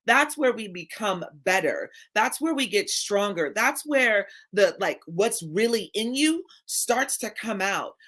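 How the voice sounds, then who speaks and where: A woman's voice: medium pitch, lively intonation, unhurried, few pauses, a bit bright. A woman health coach speaking in a heartfelt, preacherly way, building her points through repetition. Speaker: health coach and team leader. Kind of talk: heartfelt casual conversation.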